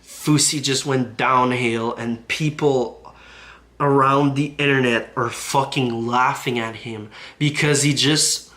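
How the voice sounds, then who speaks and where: A man's voice: medium pitch, steady tone, slow, bright, forceful tone. A man recapping online drama on his YouTube channel, profane and indignant as he talks. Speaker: YouTube commentator.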